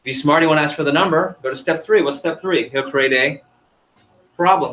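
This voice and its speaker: A man's voice: a little high, a little fast, a bit bright. A man leading an interactive sales training seminar, quizzing the audience in an upbeat, chatty way.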